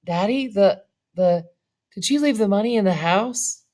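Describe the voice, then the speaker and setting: Woman reader as a soft-spoken, teary young daughter. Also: medium pitch, lively intonation, unhurried, lightly acted. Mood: pleading. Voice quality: trembling, soft. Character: tearful young daughter, gentle and pleading.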